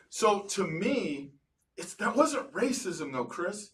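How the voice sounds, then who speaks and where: A man hosting a podcast as a psychologist, telling stories in an animated way and slowing to stress points. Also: sits high, distant mic, low-quality recording. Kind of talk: casual interview chat.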